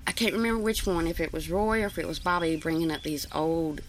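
A woman recounts an old story in casual, rambling fashion. Her voice is low and gravelly. Faint noise sits under the recording. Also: steady tone, fast. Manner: rambling, folksy, many fillers. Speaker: interviewee.

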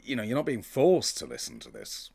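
A man's voice: medium pitch, wildly swooping pitch, fairly quick, creaky, a little mellow, husky. Emphatic, opinionated man chatting. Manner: emphatic and opinionated, with frequent restarts. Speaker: podcast co-host. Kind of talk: casual chat.

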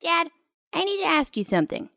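A woman's voice: extremely high pitch, sing-song, creaky, sharp tone, no echo, studio quality, full character voice. A woman voicing a spirited young girl who plays guitar in a children's audio drama, upbeat and playful. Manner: upbeat and playful, drawn-out delivery.

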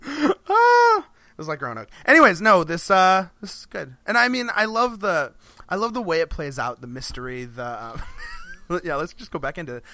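A man's voice: a little high, expressive, fairly quick, bright, forceful tone, no echo. A man co-hosting a podcast in casual chat, rambling with frequent restarts and laughs between phrases. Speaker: podcast co-host.

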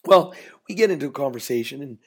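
A man's voice: medium pitch, lively intonation, fast talker. A middle-aged man hosting a podcast, telling a chatty, folksy story that builds to a business lesson. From Canada. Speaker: podcast host.

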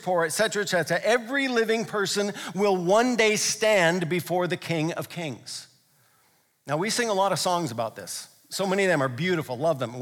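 Male pastor, high voice, impassioned sermon delivery, long hall reverb. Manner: impassioned, builds to loud repeated exclamations.

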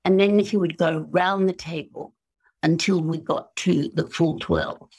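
Appearing as an interview guest, an Australian woman tells spiritual stories slowly and musingly, acting out the voices of people she quotes. Her voice is lowish, darkish and slightly rough, with a steady tone.

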